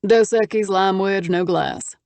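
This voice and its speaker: A woman voicing a confident, wry businessman with a Texas accent and a deep baritone in an audiobook. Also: measured pace, vocal fry, darkish tone, no echo. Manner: easygoing, wry drawl. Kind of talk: audiobook character voice.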